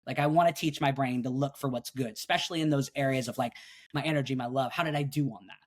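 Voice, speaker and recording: Talking fast in a medium pitch, this middle-aged man, a coach and speaker, walks a podcast interviewer through his daily routine. His tone is energetic and sincere, and he voices his inner dialogue aloud.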